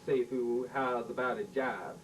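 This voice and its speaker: A man doing a brash, shouting male visitor. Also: steady tone, unhurried, lightly acted. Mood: boisterous. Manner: shouty, slangy. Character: brash, loud male visitor who boasts and dances. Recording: distant mic with faint rumble.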